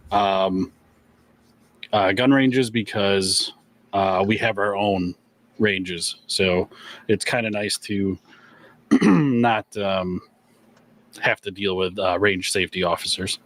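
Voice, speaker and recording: A man's voice: fairly low pitch, steady tone, slow, long pauses, a bit bright. A man hosting a gun shop livestream, reading viewer questions in a laid-back, chuckling way with lots of fillers.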